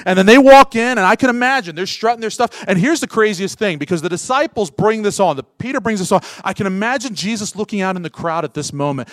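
A male pastor preaching a sermon, acting out voices and swinging from loud bursts to hushed lines. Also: high-pitched, dry recording. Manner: animated, acts out voices of workers.

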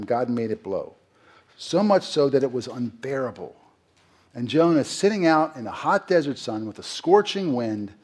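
A middle-aged pastor preaches conversationally, asking the congregation questions and acting out quotes. His voice is mid-range and darkish, with a breathy edge.

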